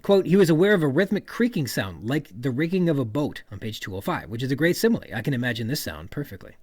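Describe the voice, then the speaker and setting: A man's voice: mid-range voice, quick pace, hardly any pauses, husky, no room sound. A man hosting a podcast, analyzing a novel's writing and reading quoted passages aloud. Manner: reads quoted passages aloud, then explains them; lively, expressive emphasis. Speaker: podcast host. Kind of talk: literary analysis monologue.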